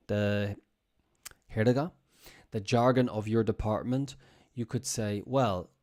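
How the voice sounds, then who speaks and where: A man teaching English on a live stream in a chatty way, repeating example phrases slowly for his students. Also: fairly low pitch, steady tone, mellow.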